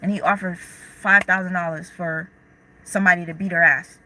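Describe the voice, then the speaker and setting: A woman's voice: on the low side, steady tone, normal speed, pushed and bright, a little hiss or hum, poor audio. A young woman hosting a casual livestream, talking candidly in slang and answering viewers' chat comments as they come in. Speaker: livestream host.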